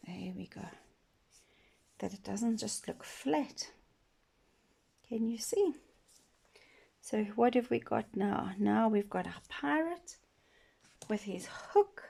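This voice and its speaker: A woman giving a patient painting lesson for children, gently asking questions and dropping to soft whispers as she works. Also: mid-range voice, lively intonation, takes it slowly, gravelly, long pauses, breathy edge. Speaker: children's art teacher. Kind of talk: slow painting demonstration for children.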